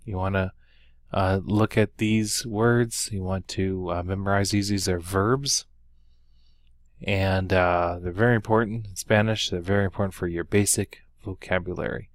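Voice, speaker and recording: A man's voice: deep voice, steady tone, a little slow, no room sound, studio quality. A man teaching a Spanish lesson, walking through the material unhurriedly with many ums and uhs and carefully sounded-out example words. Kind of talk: recorded lesson walkthrough.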